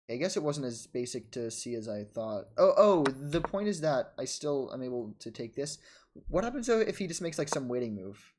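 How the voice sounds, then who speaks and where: A man in a casual chess vlog, narrating his own game in quick bursts and scolding himself for his mistakes. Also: medium pitch, background noise. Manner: frustrated, self-critical, talks in quick bursts and trails off. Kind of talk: casual self-commentary over a chess game.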